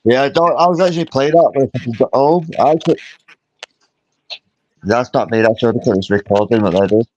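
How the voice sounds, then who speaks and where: A man's voice: mid-range voice, normal speed, darkish tone. Rambling man on muffled call audio. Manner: rambling, slangy, swears a lot. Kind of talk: casual group voice chat. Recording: dull garbled online call audio.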